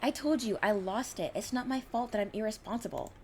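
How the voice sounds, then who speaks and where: A woman's voice: a little high, a little fast, darkish tone, a little hiss or hum, close to an everyday voice. A woman voicing a bubbly teasing girlfriend. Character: teasing cheerful young woman, scatterbrained. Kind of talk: reading a visual novel aloud.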